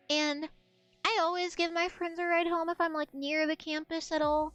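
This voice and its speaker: High-voiced woman telling a rambling story. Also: normal speed, lo-fi sound, soft background music. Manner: rambling, animated anecdote with swearing and acted-out quotes. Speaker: streamer. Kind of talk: casual storytelling chat.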